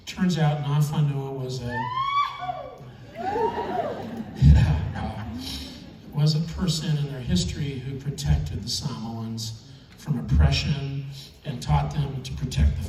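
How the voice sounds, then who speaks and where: A man's voice: mid-range voice, a little slow, warm tone, far from the mic, a little hiss or hum. A man giving a keynote speech on stage, telling stories in a chatty, chuckling, emotional way. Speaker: keynote speaker. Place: large event hall. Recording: echoey hall, mic heard from afar.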